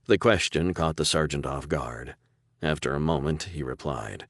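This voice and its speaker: A man narrating an audiobook in a steady, deliberate storytelling manner. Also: extremely low pitch, no room sound, studio quality. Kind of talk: scripted narration.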